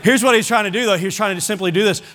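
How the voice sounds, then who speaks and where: High, bright-voiced man preaching. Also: rapid-fire. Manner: emphatic, repeats key phrases. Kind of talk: sermon. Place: church service.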